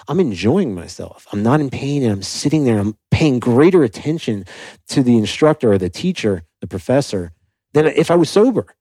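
A man's voice: medium pitch, no room sound, rough recording. A young adult man from South Florida, a podcast guest telling his story candidly and animatedly, with many "like" fillers. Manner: animated, acts out quoted dialogue, frequent "like" fillers.

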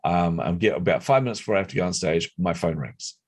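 A middle-aged man telling a personal story as an interview guest, animated and competitive. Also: low-pitched, fast. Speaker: guest, speaker and entrepreneur.

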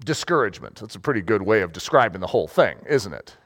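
A man preaching a sermon as pastor, conversational and animated, often checking in with his listeners. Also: lowish voice, quick pace.

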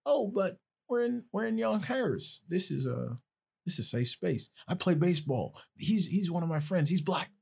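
A man putting on the voice of a defensive young male college student who justifies himself in a high, whiny tone. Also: animated, moderate pace, vocal fry, darkish tone, husky, full character voice. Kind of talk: podcast impression.

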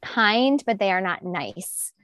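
A woman's voice: mid-range voice, very animated, slow, lo-fi sound, over a noisy crowd. A woman guest on a podcast who talks in an enthusiastic, casual way and laughs often. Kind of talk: casual chat.

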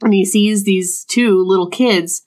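A woman's voice: mid-range voice, fairly even intonation, measured pace, a little mellow. A woman co-hosting a podcast, casually retelling a book's plot in a jokey way. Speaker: podcast co-host. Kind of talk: casual book discussion.

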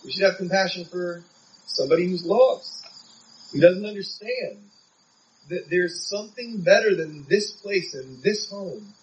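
A man's voice: high-pitched, distant mic, low-quality recording. A man preaching a sermon in an earnest, conversational way, from San Diego.

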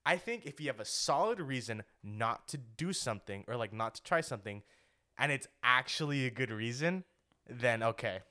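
A young man co-hosting a podcast, chatting casually in a rambling, animated way full of fillers. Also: medium pitch, moderate pace. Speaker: podcast co-host. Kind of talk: casual chat.

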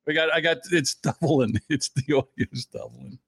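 A man's voice: medium pitch, creaky, husky, no room sound. A man co-hosting a podcast, talking bluntly and crudely in casual chat. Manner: blunt, crude, quick to react. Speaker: podcast co-host.

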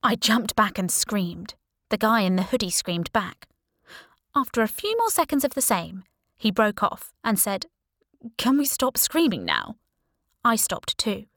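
A woman's voice: medium pitch, a little slow, no echo, clean studio sound. Wry woman narrating an audiobook. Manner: wry, sardonic, lively storytelling. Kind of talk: first-person audiobook narration.

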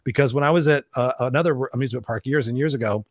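A man's voice: mid-range voice, racing, dry recording, studio quality. A man hosting a motivational interview as a life coach, talking emphatically and punchily and swearing freely.

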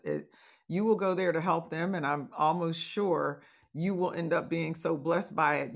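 A woman hosting an advice podcast, talking casually and encouragingly to listeners, with playful asides and laughter. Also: deep voice. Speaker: podcast host, divorce coach.

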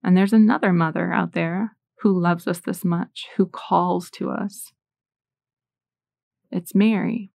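A woman's voice: lowish voice, fairly even intonation, slow pace, gravelly, a little mellow, no room sound. A woman in her forties giving a Catholic faith talk, telling personal stories in an earnest way and reading scripture aloud. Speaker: Catholic speaker.

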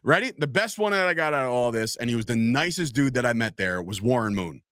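A man's voice: medium pitch, fast talker, dry recording, clean studio sound. A man hosting a casual sports podcast, telling profane stories and acting out the people in them. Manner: animated profane storyteller, acts out quotes. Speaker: podcast host.

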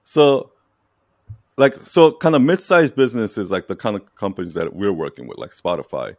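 A low-pitched man coaching a client in a relaxed, emphatic way. He repeats his points, keeps asking "right?" and laughs now and then. The sound is dry and close. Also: moderate pace, gravelly, dry recording. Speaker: brand strategy coach. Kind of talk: casual coaching session.

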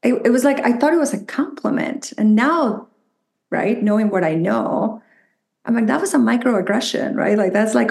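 A woman with a Mexican Spanish accent speaks with a gravelly edge to her voice. She tells her experiences in a reflective, animated way, often slipping into the voices of people she quotes. The room around her is echoey. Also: fairly high pitch, normal speed. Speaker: psychotherapist guest. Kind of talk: conversational interview.

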